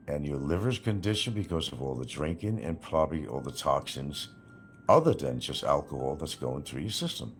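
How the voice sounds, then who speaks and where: Deep-voiced male streamer, scornful and profane, laughing at his target, faint music behind. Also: lively intonation, moderate pace. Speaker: livestreamer. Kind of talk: livestream rant.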